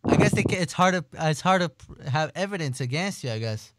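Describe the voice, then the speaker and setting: Soft-spoken hesitant man host. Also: on the high side, expressive, brisk. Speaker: show host. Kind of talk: casual interview talk.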